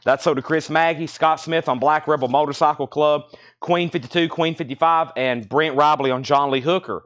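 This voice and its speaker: A man hosting a live record sale indoors, briskly listing titles and prices in a chatty auctioneer way, a little choked up. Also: on the high side, steady tone, fairly bright tone. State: slightly choked, coughing. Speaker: livestream record seller. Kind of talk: live sales stream.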